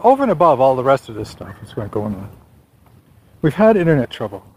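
A man's voice: mid-range voice, a little mellow, husky, poor audio. A man talking through his writing plans in a casual walking vlog, rambling and correcting himself with a wry tone. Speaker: vlogger and novelist.

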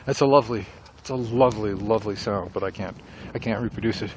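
Faint traffic sounds accompany a middle-aged man as he walks and chats casually about writing dialogue, wandering a little in his thoughts. A writer vlogger, he has a fairly low, slightly mellow voice and talks fast.

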